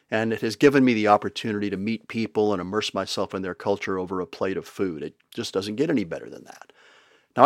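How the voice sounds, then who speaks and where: A man's voice: on the low side, no room sound, studio quality. An older man narrating his travel stories in a wry, conversational way with playful asides. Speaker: podcast storyteller. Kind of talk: storytelling narration.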